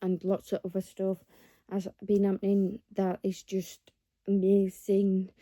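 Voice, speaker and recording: Slow, dark-voiced woman vlogging. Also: mid-range voice, monotone, no echo. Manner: earnest, rambling, encouraging. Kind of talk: casual talk to camera.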